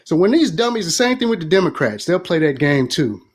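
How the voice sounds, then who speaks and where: A man with an animated, heated way of talking, ranting and swearing as he argues politics in a debate. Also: a little high, brisk, husky. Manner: animated, ranting, swears freely, acts out quoted voices.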